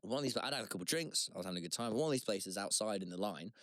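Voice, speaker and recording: A man's voice: on the low side, lively intonation, racing, a bit bright, dry recording. A man, a comedian and podcast co-host, rambling through self-mocking stories in casual chat.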